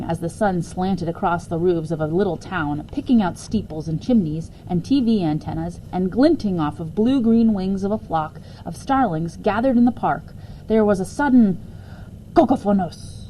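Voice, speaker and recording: A woman reading a children's chapter book aloud with expressive, dramatic storytelling. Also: on the low side, a little hiss or hum, rough recording.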